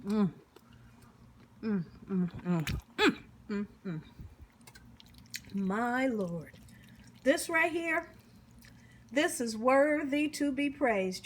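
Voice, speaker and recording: A woman with a slightly high voice hosts a casual cooking vlog, savoring each bite with long hums and happy exclamations. She talks in an unhurried, drawn-out way straight to her viewers. A faint hum of room ambience sits behind her. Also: lively intonation. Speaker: cooking channel host.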